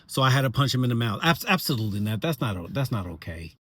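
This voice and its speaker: Young male teacher-comedian, animated storyteller, dry close sound. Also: mid-range voice, fast talker, slightly rough, no echo. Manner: animated, switches into kids' voices and sings.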